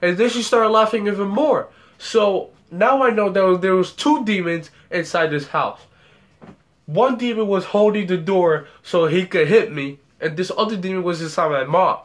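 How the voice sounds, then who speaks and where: A man's voice: sits high, normal speed. A young man telling a story about a dream in a rambling way, repeating words and acting out the scenes. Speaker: vlogger.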